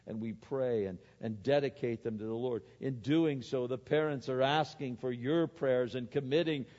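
Animated pastor preaching in an echoing hall. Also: male voice, medium pitch, moderate pace. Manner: animated, swings between loud exhortation and quiet asides. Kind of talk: sermon. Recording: muffled, with long hall reverb.

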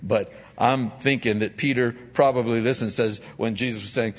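A male pastor preaching a sermon, animated, acting out biblical figures in dialogue. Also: medium pitch, normal speed, hardly any pauses. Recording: dull sound with long hall reverb.

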